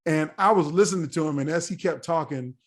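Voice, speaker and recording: A middle-aged American man spins a long story in a casual interview, slipping into the voices of the people he quotes. His voice sits a touch high for a man. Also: fast. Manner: animated, acts out quoted voices. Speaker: podcast guest.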